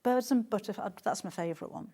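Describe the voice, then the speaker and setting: A woman's voice: mid-range voice, fast, dark tone, breathy edge. A middle-aged woman presenting fabrics on a live sales show, chatting and gushing with lots of restarts.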